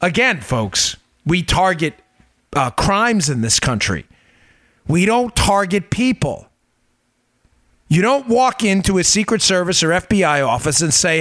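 Man, podcast host, political commentary, emphatic, rhetorical questions, lively pitch swings, fairly high voice. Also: measured pace, dry recording. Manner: emphatic, fires rhetorical questions, addresses listeners as folks.

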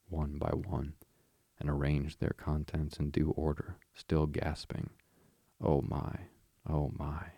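A man narrating a storybook in a steady, unhurried way, with a gravelly voice. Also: rumbling low, no echo, studio quality. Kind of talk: audiobook narration.

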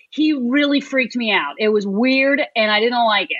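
A woman's voice: fairly high pitch, normal speed, fairly bright tone, dry recording. A woman guest chatting casually on a podcast, giving wry, candid opinions. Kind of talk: casual chat. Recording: slightly muffled sound.

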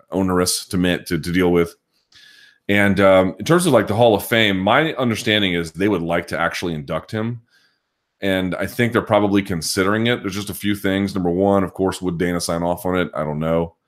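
A man hosting a live podcast chat, thinking out loud and restarting his sentences as he answers viewers' questions. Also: low voice, moderate pace. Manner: thinking aloud, frequent restarts and hedging. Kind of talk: casual live chat commentary.

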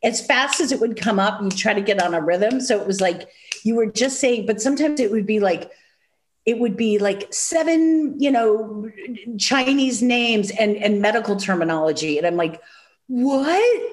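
A woman with a nasal Chicago accent, chatting as a guest and telling animated stories full of acted-out quotes. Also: mid-range voice, normal speed, noisy background. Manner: animated storyteller, acts out quotes, many fillers. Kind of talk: casual chat.

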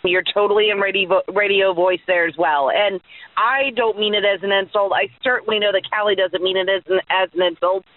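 A woman's voice: medium pitch, fairly even intonation, fairly quick, dry recording. Teasing woman caller, tinny line. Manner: teasing, affectionate. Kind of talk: voicemail message.

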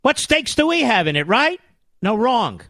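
A man's voice: very high voice, very animated, moderate pace, sharp tone, no room sound. A man hosting a political talk radio show, delivering a combative, indignant monologue with emphatic repetition.

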